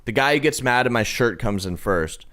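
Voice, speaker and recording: A man's voice: medium pitch, animated, normal speed, fairly bright tone. A young man, a podcast guest, rambling through a casual anecdote with lots of restarts. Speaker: podcast guest, cigar lounge manager. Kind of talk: casual storytelling chat.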